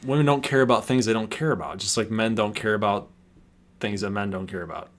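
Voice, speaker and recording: A man's voice: lowish voice, quick pace. A man in his thirties hosting a livestream, talking in casual, sarcastic banter and laughing often. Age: 30s. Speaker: livestream host.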